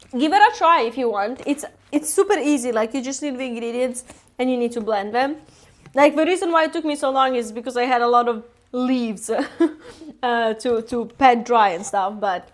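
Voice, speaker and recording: Cooking live in her home kitchen, a woman from Italy chats easily with her stream's viewers. She speaks in a high voice and is chatty and giggly, often laughing at herself over her cooking.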